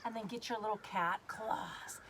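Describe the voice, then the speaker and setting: A woman's voice: mid-range voice, measured pace, fairly bright tone, a little hiss or hum. A woman leading a guided kids yoga class, cueing poses in an upbeat, playful way and making animal sounds.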